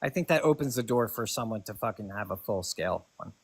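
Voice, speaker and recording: A man's voice: lowish voice, animated, fast talker, gravelly, slightly rough. A man defending his side in a heated livestream debate, often hesitating. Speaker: debate guest.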